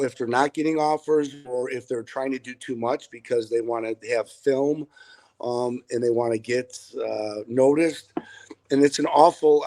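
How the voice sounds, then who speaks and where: A middle-aged high school football head coach answers interview questions over a video call, earnest and rambling, restarting often. His voice is a little mellow, and the audio is poor.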